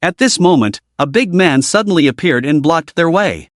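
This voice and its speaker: A man narrating a scripted story recap in an even, steady reading manner. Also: a little high, moderate pace, no room sound, studio quality.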